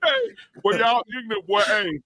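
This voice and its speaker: A man hosting a podcast, talking in loud, rowdy, joking banter with friends. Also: sits high, moderate pace. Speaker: podcast host.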